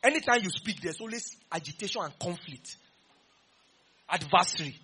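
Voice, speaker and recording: A Nigerian man preaches a lively sermon with a high, husky voice. His tone is bright and forceful, and he keeps teasing his listeners and firing questions at them. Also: moderate pace. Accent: Nigerian English. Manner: animated, teasing, quizzes the congregation.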